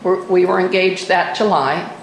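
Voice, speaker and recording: A woman's voice: fairly low pitch, steady tone, normal speed, roomy sound, slight background noise, low-quality recording. An older woman sharing her personal story at a recovery meeting, candid and self-mocking with wry humor. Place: meeting room. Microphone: microphone at a podium.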